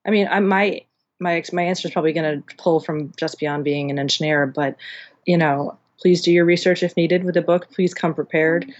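A woman's voice: fairly low pitch, fairly even intonation, a little fast, highs cut off. A woman being interviewed about audiobook engineering, talking in a chatty, rambling way with many restarts. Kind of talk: casual interview chat.

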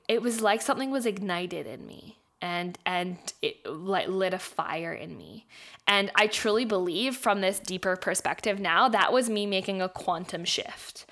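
A woman's voice: mid-range voice, a bit bright. A young woman from Canada, a podcast host, telling her life story casually with laughter and the odd swear. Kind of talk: personal storytelling.

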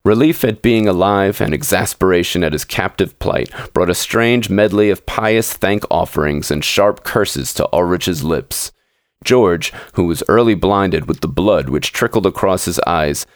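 Deep-voiced male storyteller, dry sound. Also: measured pace, no echo. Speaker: podcast host and story reader. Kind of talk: scripted narration of a classic short story.

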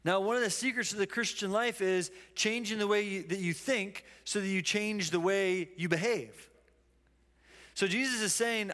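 A man with a notably high voice gives a sermon in a relaxed, conversational way. He tells stories and acts out the lines of the people in them. His voice carries through a hall with a long echo. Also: normal speed. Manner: conversational, storytelling with acted quotes. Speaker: pastor. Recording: reverberant hall.

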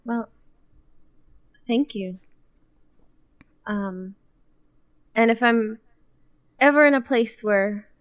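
A woman voicing a friendly, eager young woman traveler who talks politely and a little hesitantly. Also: fairly high pitch.

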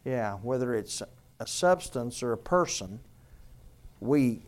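An older man preaches as a pastor in a loose, conversational way, tossing in jokes and strings of rhetorical questions. His voice sits at an ordinary middle pitch. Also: animated, darkish tone. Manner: conversational, joking, rapid-fire rhetorical questions. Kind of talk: sermon.

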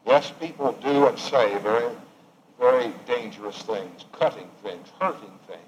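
A man preaching a sermon, swinging from raised emphatic lines to hushed, quiet ones. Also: medium pitch, expressive, measured pace, a little hiss or hum, rough recording.

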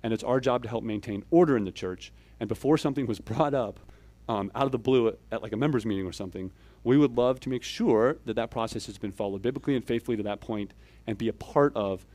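A man, a church elder, preaching a conversational sermon. He explains step by step, keeps checking in with "okay?" and "right?", and moves between louder emphatic pushes and quiet asides. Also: mid-range voice, fast.

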